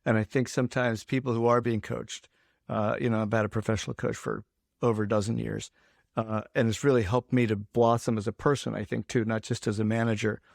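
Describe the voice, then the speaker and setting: A man's voice: mid-range voice, flat delivery, brisk, vocal fry, no room sound, clean studio sound. A man hosting a casual podcast conversation, talking with energy and restarting phrases often. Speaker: podcast host.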